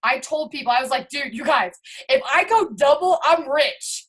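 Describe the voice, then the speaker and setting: A young woman telling her network marketing story in an excited, bubbly, exclamatory way. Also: high-pitched, brisk.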